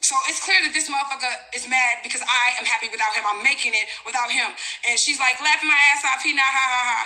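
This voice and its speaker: A woman's voice: high-pitched, fast talker, bright, forceful tone. A woman who works as a psychic reader, angrily recounting a text exchange in a blunt, profane, emphatic way. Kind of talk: heated storytime recounting texts. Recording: roomy echoey room.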